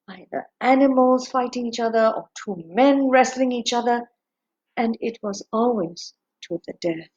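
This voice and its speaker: Storyteller: high, breathy woman, unhurried and expressive, dull lo-fi sound. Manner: slow, expressive, hushed in tense moments. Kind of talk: gentle read-aloud storytelling. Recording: dull lo-fi recording.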